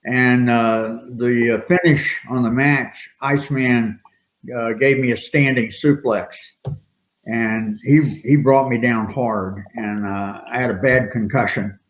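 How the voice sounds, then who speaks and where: A man's voice: mid-range voice, steady tone, takes it slowly. Older male storyteller, rambling and chuckling; echoey room, muffled lo-fi mic. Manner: rambling, laughing anecdotes. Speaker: retired wrestler guest. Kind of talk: casual storytelling interview. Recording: roomy, dull lo-fi sound.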